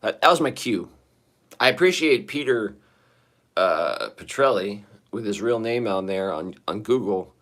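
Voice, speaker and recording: A man on a casual live stream from his bathroom, rambling and swearing to his viewers, his voice hoarse and shaky after singing. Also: on the low side, expressive, unhurried, fairly bright tone. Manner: rambling, profane, talking to chat. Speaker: livestreamer. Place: sitting in a bathroom.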